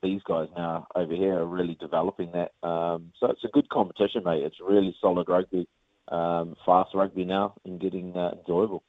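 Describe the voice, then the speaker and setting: A man's voice: sits low, flat delivery, fairly quick, dry recording. A man with a New Zealand accent, a rugby player chatting casually in an interview, rambling with lots of fillers and calling the host mate. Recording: phone-line audio.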